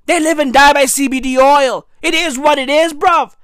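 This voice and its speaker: A man giving a comedic, profane news rant. He is hoarse from losing his voice and keeps tossing in "right?" and "bruh". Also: extremely high pitch, steady tone, moderate pace, a bit bright, no room sound, studio quality. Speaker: commentary vlogger.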